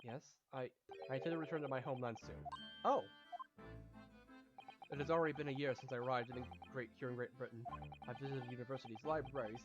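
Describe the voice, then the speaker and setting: A man's voice: mid-range voice, steady tone, fast, pauses often, dull audio, music in the background, natural voice. A man playing an anxious, gloomy young male scholar in a game read-through, with a fretful, stammering, melodramatic manner. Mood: earnest.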